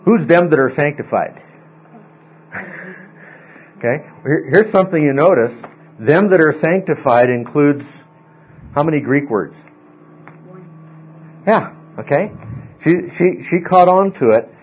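A man's voice: on the high side, animated, unhurried, long pauses, slightly rough. A man teaching a Bible study class, explaining word meanings patiently and often checking in with his listeners. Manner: explanatory, often asks okay. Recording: tinny phone-like audio, faint mains hum.

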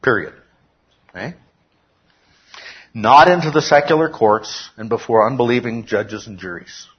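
Unhurried and breathy, a medium-pitched male pastor delivers a church sermon, often asking "okay?" and building to emphatic shouts. The recording has its highs cut off.

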